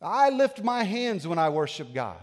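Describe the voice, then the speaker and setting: A man in his thirties preaching a sermon as a pastor, animated, swinging between loud bursts and hushed asides. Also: sits high, moderate pace, in a large hall. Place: church sanctuary.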